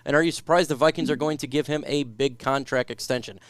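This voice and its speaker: A man's voice: medium pitch, steady tone, quick pace, clear, resonant tone, no room sound. A man hosting a casual sports talk stream, reading viewer questions aloud and then giving his own take. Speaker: podcast host reading live chat.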